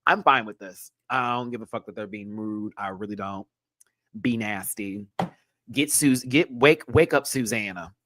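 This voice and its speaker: A man hosting a live-stream TV review, talking in an animated, emphatic and slangy way with plenty of swearing, jumping between loud bursts and low mutters. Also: moderate pace, slight background noise. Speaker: show host reviewing a TV episode.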